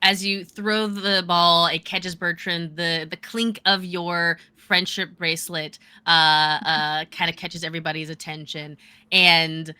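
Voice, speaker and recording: A woman's voice: on the low side, steady tone, a little slow, pushed and bright, smooth, no echo. A woman narrating and explaining rules as game master, casual and chatty with many fillers.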